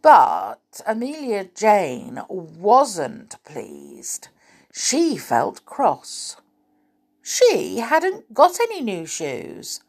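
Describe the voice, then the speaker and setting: A woman reading a children's storybook aloud in an expressive, lilting way. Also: mid-range voice, drawn-out words.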